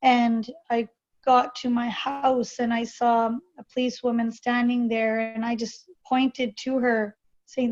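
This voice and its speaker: A woman guest telling a personal story in an interview, halting and hesitant with many fillers and restarts. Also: fairly high pitch, flat delivery, a little mellow. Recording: dull lo-fi recording.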